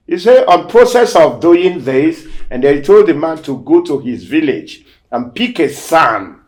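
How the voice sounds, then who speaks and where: A man hosting a show, casually telling a testimony story and acting out the quoted dialogue, swinging between loud emphasis and near-whispered asides. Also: a little high, expressive, measured pace. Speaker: show host.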